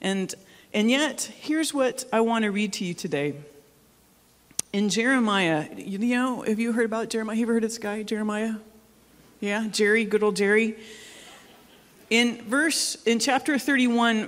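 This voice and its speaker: A woman's voice: on the high side, normal speed, fairly bright tone. A woman pastor giving a sermon in a casual, joking way, often asking the congregation questions. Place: church hall. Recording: long hall reverb.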